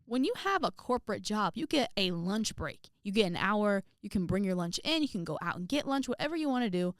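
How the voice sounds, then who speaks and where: A young adult woman telling a story on her vlog in a sassy, animated way, with exaggerated outbursts. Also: mid-range voice, brisk, no room sound, clean studio sound. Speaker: vlogger.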